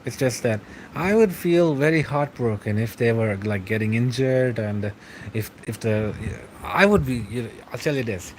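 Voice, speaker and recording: A man in his thirties chatting casually on a late-night stream, rambling and halting, laughing often between thoughts. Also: mid-range voice, slight background noise, rough recording. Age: 30s.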